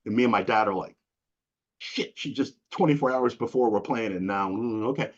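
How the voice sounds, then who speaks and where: At a medium pitch and moderate pace, a middle-aged man from New England chats casually as an interview guest. His voice is husky and somewhat breathy, and he acts out quotes in animated, slang-filled stories. The audio is dull and lo-fi.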